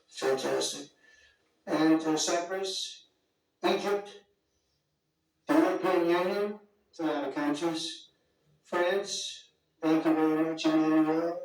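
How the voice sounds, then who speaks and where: A man giving a rambling, off-the-cuff speech as a political leader at a summit, full of digressions and superlatives. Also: on the high side. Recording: very echoey hall, distant mic, faint music.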